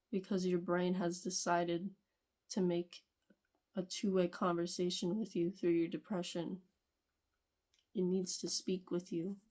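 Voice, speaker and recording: Woman, lowish voice, casual advice vlog, chatty, loose phrasing, laughs often. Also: darkish tone. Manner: talks straight to the viewer, laughing often between points; loose, conversational phrasing with fillers and restarts. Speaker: video creator.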